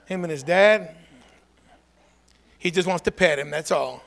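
A man preaching a lively call-and-response sermon, swinging from low asides to shouted calls for a response. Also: measured pace, creaky.

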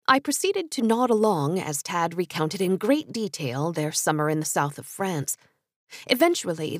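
A young adult woman telling a first-person story with expressive storytelling narration. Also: medium pitch, no room sound, clean studio sound.

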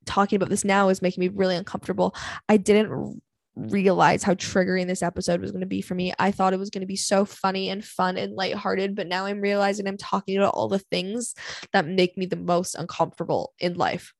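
A woman's voice: medium pitch, fairly even intonation, brisk, creaky, no room sound. A young woman hosting a solo podcast, ranting bluntly and dramatically about dating pet peeves, swearing freely and sighing often. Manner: blunt, profane and dramatic, with frequent sighs. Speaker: podcast host. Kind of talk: candid solo podcast rant.

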